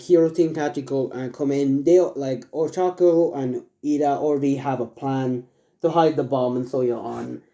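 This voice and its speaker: A man's voice: medium pitch, warm tone. A man casually narrating a fan story, rambling and stumbling with lots of fillers.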